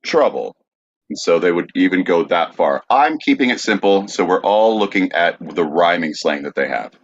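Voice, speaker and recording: A man hosting a podcast, presenting a quiz segment in a deliberate, explanatory way with frequent "uh"s. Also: sits low, lively intonation, highs cut off. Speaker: podcast host.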